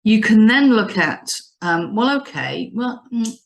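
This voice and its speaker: A woman business advisor explaining customer strategy in an animated, emphatic way, often restarting her phrases. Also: mid-range voice, measured pace, creaky. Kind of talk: business advice discussion.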